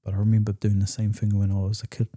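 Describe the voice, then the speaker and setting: A New Zealand man speaks as a podcast guest in a low, very dark and mellow voice. He tells his life story candidly and emotionally, swearing freely. Now and then he acts out old conversations as he goes. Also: monotone, rapid-fire.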